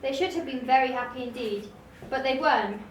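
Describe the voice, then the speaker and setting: A woman reading a storybook aloud in a gentle, expressive way. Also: high-pitched, brisk, far from the mic. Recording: roomy room, voice off-mic, faint hiss.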